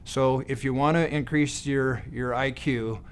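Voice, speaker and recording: A middle-aged man, a doctor, sharing homespun observations from his practice. He talks in a folksy, unhurried way at an average pitch, often stopping to restart with "uh" and "and, and". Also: fairly even intonation, slight background noise. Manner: folksy, halting, with many fillers and restarts. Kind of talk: testimonial monologue.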